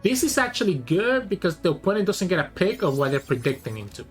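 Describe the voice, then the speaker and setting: A man narrating his own card game matches in real time, talking through every decision out loud. His voice rises and falls a lot, full of lively swings in pitch. Faint music plays softly underneath him. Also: fast. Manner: thinks aloud, weighing each play. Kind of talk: live gameplay commentary.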